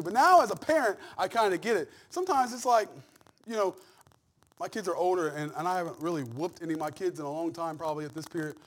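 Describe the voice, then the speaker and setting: A middle-aged male pastor preaching a sermon with folksy humor, swinging from soft, intimate asides to shouted climaxes. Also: high voice, fast, a little hiss or hum. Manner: humorous, folksy storytelling with laughs.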